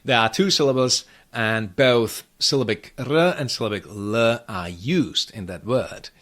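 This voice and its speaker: Man slowly teaching pronunciation, drilling sounds. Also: mid-range voice, fairly bright tone. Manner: demonstrates sounds by slow repetition, dry humor. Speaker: Czech language teacher. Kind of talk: pronunciation lesson.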